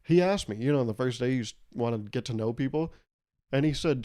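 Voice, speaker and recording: A man's voice: mid-range voice, brisk, mellow. Young male podcast host, rambling comic monologue, swears freely. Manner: rambling, joking, laughs often, swears. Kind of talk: casual solo podcast monologue.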